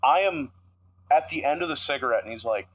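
A man's voice: mid-range voice, lively intonation, a little fast, fairly bright tone, rough recording. A young man co-hosting a podcast, telling a rambling, profanity-heavy story in casual chat. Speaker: podcast co-host.

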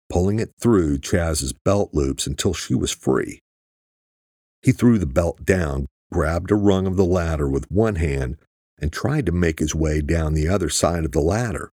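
Male audiobook narrator, very low voice, husky, steady, dry close sound. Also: no echo. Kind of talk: scripted narration.

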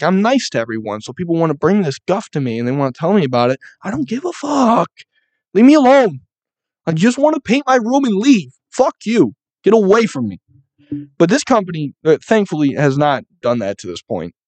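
A young man who paints on construction jobs rants casually, rambling along with heavy swearing and plenty of "like" fillers. His voice is mid-range and a little mellow, captured in a dry recording.

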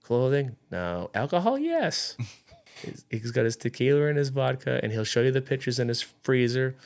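A man's voice: mid-range voice, fairly even intonation, fairly quick, vocal fry, a little mellow. A man around forty in casual podcast chat, telling a story animatedly and acting out what others said.

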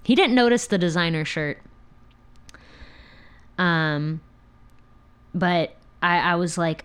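A woman's voice: on the low side, animated, slow, pauses often, fairly bright tone, clean tone. A young adult woman hosting a podcast, frankly telling a story from her own life, profane and laughing. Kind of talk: candid personal storytelling.

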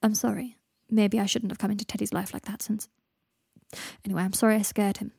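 A woman's voice: medium pitch, flat delivery, a little fast, vocal fry, a little mellow, husky, no room sound, clean studio sound. A woman voicing a frail young man with a wry, subdued manner in a story reading.

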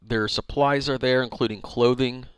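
A man's voice: medium pitch, steady tone, moderate pace, smooth, no room sound, clean studio sound. A man co-hosting a podcast in casual chat, joking and recapping with short replies. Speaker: podcast co-host.

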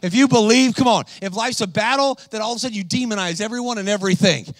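High-voiced preacher man, dry close mic. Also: fast talker, no echo. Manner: animated, exhorting, calls to the crowd. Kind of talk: energetic sermon.

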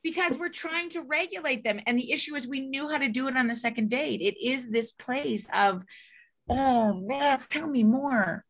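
A woman in her forties, a psychologist and author, telling lively stories as a podcast guest, swearing and acting out voices. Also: high-pitched, brisk, few pauses. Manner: animated storyteller, swears, acts out voices loudly. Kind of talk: casual podcast chat.

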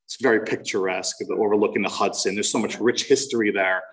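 A man's voice: lowish voice, steady tone, fast, a bit bright, far from the mic, rough recording. Candid self-mocking man, recorded from afar. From New Jersey. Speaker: recovery meeting speaker. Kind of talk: personal recovery story shared at a meeting. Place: meeting room.

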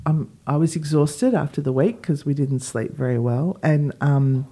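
Woman, podcast co-host, lively storyteller, mellow voice. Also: low voice, normal speed, breathy edge. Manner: animated, acts out quoted dialogue. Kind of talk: casual storytelling chat.

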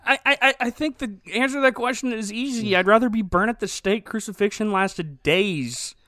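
Bright-voiced sarcastic podcast host. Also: male voice, high voice, normal speed, no room sound, studio quality. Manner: sarcastic, joking, often laughing. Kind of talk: casual movie-review chat.

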